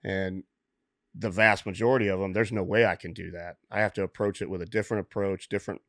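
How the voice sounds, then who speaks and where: A man's voice: sits low, steady tone, fast, fairly bright tone, no room sound, clean studio sound. A man hosting a podcast, talking in a blunt, candid way and swearing casually. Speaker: podcast host. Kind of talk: casual conversation.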